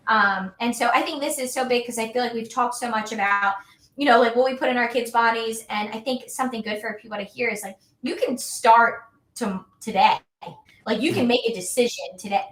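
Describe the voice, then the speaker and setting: Podcast guest: upbeat woman in her 30s, chatty, fairly high voice, echoey room. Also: brisk, a bit bright. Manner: chatty, upbeat, many fillers like "like" and "you know". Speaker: guest, health and wellness coach. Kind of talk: casual podcast conversation. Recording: roomy echo.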